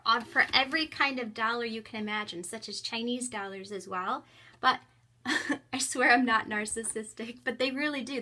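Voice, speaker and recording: A bright, slightly high voice from a young woman touring her tiny home classroom for online teaching. She chats cheerfully and breaks into squealing, playful reactions as she demos her tricks. She talks into a headset mic. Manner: cheerful and chatty, bursts into squealing acted-out reactions. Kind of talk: casual classroom tour vlog. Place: small home classroom in a closet.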